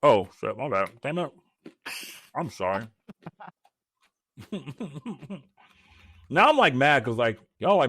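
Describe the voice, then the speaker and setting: A joking podcast co-host, a man whose pitch swings widely as he talks. He swears casually and keeps things playful. The sound is dry and close. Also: big pitch swings, slow pace, pauses often, bright, forceful tone, husky, no echo.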